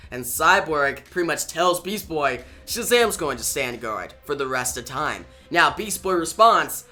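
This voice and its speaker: A bright, forward-sounding voice recaps a comic book storyline in a casual, eager way, reading the characters' lines aloud along the way. The pitch sits mid-range, with faint music playing under the talk. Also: measured pace, hardly any pauses. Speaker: comic book reviewer and channel host.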